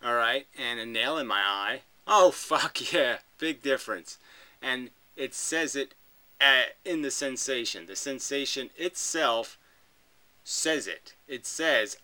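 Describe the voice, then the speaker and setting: A man's voice: mid-range voice, expressive, takes it slowly, pushed and bright, rough recording. A man recording a reaction video, arguing back at a clip with emphatic, profane commentary.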